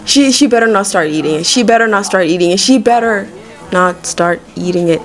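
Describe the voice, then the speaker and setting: Faint music plays behind a woman of medium pitch who talks fairly quickly as she plays a game. Her let's-play commentary is casual and rambling, full of swearing and remarks aimed at her game characters.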